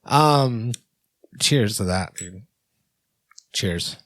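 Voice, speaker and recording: A man's voice: on the low side, lively intonation, drawn-out words, a bit bright, no room sound, clean studio sound. A man co-hosting a podcast in casual, joking chat. He laughs often and swears freely. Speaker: podcast co-host.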